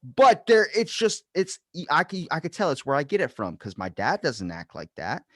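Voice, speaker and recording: A man hosting a podcast interview, telling stories in a lively, animated casual chat. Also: normal speed, no room sound, studio quality. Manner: animated storyteller with big pitch swings. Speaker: podcast host.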